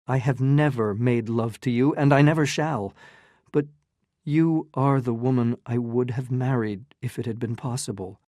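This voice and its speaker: A narrator voicing a torn, impassioned young gentleman who speaks earnestly and urgently in a storybook reading. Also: medium pitch, moderate pace, no room sound, clean studio sound, lightly acted.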